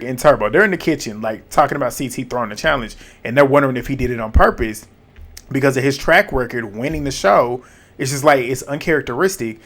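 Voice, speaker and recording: A man's voice: mid-range voice, a bit bright. A man giving a casual, slangy recap of a reality show, retelling scenes in an amused way.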